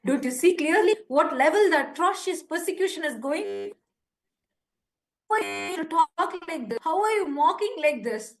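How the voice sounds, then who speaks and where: A woman with a high, bright voice makes an urgent live-streamed appeal. She talks in an impassioned way, pleading with listeners and turning indignant at critics. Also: animated, normal speed, slight background noise.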